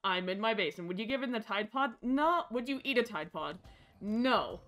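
A woman streaming a game from her basement, chatty and excitable, with game music behind her. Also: a little high, moderate pace. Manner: excitable, chatty, bursts into shrieks and laughter. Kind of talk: casual gameplay streaming. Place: home basement.

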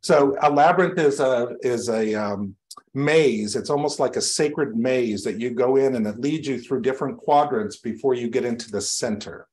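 Inside a church sanctuary, a reverend with a mid-range voice and normal speed tells stories to his congregation. The tone is warm and conversational, with a light, self-deprecating sense of humor.

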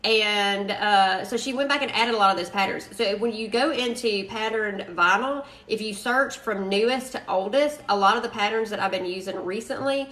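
A woman's voice: mid-range voice, normal speed, few pauses, fairly bright tone, reverberant. A woman with a Southern US accent hosting a casual craft live stream, chatty and greeting viewers, saying y'all often.

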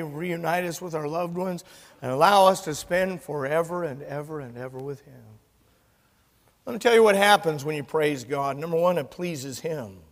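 A pastor preaching a sermon, an animated storyteller who acts out the dialogue of his story. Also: sits high. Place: church sanctuary. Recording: church hall reverb.

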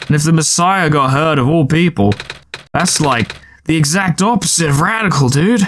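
A man's voice: fairly high pitch, normal speed, a bit bright, slight background noise, natural voice. A man doing a drawling laid-back surfer dude. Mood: easygoing. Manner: drawling slang with 'bruh' and 'dude'.

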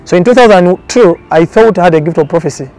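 A man's voice: high-pitched, fast talker, darkish tone, faint music behind. A man speaking as a prophet in a documentary interview, giving testimony in an earnest, repetitive preaching cadence.

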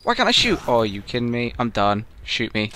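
Young guy gaming, cursing a lot, bright edgy voice, slow drawl but big swings in pitch. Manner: excitable, yelling and swearing at the game. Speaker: gamer. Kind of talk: let's play commentary.

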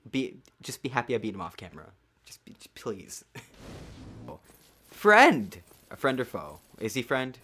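A man doing gameplay commentary, getting excited, cursing and muttering to himself as he plays. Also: on the low side, fairly quick, slight background noise. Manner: excitable, swears a lot, mutters to himself, yells at the game. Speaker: let's play gamer.

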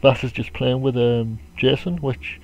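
A man's voice: medium pitch, fairly even intonation, measured pace, muffled recording. A man giving chatty, wry commentary as he plays a video game. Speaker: gamer. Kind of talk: gameplay commentary.

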